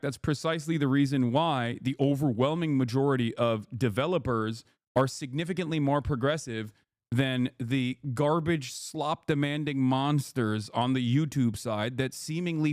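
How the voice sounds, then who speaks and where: A man's voice: mid-range voice, moderate pace, no room sound, clean studio sound. A male streamer giving reaction commentary in a blunt, profane and emphatic way, often checking in with "okay?".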